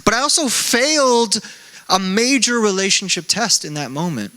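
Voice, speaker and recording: Bright, lively young man preaching. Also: high voice, moderate pace. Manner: lively, self-mocking, conversational. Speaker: pastor. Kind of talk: sermon with casual storytelling.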